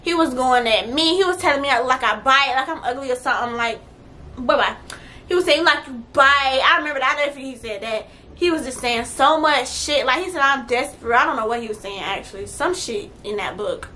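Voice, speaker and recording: A young woman tells a storytime vlog in a high, bright voice. She talks bluntly and with plenty of swearing, animated, jumping from quiet asides to loud bursts. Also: a little fast. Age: young adult. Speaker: vlogger.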